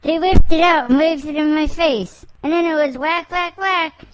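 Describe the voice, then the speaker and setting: A woman voicing a whiny, battered little boy who is sulky and foul-mouthed, in a high squeaky voice. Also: normal speed, natural voice. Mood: whining.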